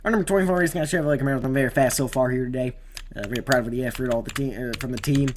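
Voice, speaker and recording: A man's voice: medium pitch, racing, noisy background, lightly acted. A man doing a southern driver interview voice. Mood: mock-earnest. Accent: put-on Southern US. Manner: mock post-race interview. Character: man doing a put-on Kentucky accent.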